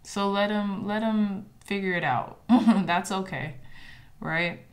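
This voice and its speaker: A woman giving a pick-a-card tarot reading, talking earnestly and emotionally to viewers she calls y'all. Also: on the low side.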